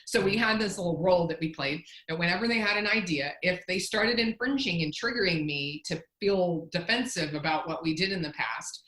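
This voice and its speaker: Woman, low voice, forceful bright tone, candid, self-deprecating, casual interview storytelling, echoey room. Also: fairly quick, hardly any pauses. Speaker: company founder and interview guest.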